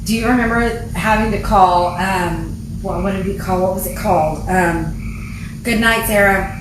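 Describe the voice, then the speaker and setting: A woman's voice: medium pitch, a little slow, noisy background. A middle-aged woman with a Texan accent, co-hosting a podcast in a playful, joking way. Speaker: podcast co-host. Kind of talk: casual chat. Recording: very echoey room.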